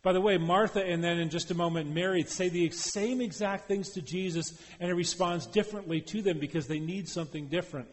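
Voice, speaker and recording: A man preaching in a large hall, his voice carrying a long reverb tail. His pitch sits a little high for a man. He swings between loud, emphatic lines and quiet, hushed ones. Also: fairly quick, few pauses. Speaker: preacher and professor. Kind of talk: sermon.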